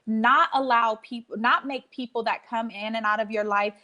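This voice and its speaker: A woman's voice: on the high side, fairly even intonation, moderate pace, sharp tone, muffled recording. A woman in her thirties, a podcast guest and life coach, talking in an emphatic, preacher-like way and often repeating phrases. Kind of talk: casual heartfelt interview talk.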